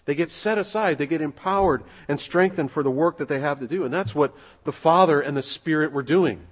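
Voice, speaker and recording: A man preaching a sermon in a relaxed, conversational way, asking his listeners rhetorical questions and pausing on fillers. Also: fairly high pitch. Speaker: pastor. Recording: husky voice with long hall reverb.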